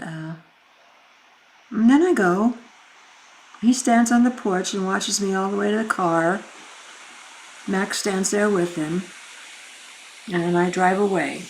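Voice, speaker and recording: A woman telling a personal story in a gentle, unhurried, reflective way, with frequent pauses. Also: fairly low pitch. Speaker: speaker.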